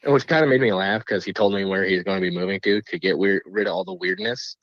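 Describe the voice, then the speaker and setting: A man's voice: low voice, fast talker, no echo, highs cut off. A man, a guest on a podcast who makes paranormal videos, telling stories in casual chat and laughing often. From Black Hills area, USA. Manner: animated storyteller, laughs often.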